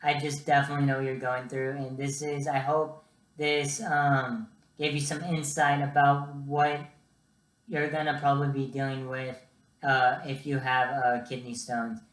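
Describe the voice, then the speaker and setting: A young man talks to his viewers in a relaxed, chatty storytelling vlog and keeps calling them "guys." His voice bounces around a roomy, echoey room. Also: mid-range voice, normal speed. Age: young adult. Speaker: vlogger.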